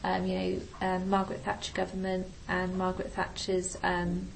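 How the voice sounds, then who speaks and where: Woman teacher, very monotone, gravelly fry, faint background hiss. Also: lowish voice, moderate pace, low-quality recording. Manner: hesitant, many ums. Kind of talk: recorded literature lesson discussion.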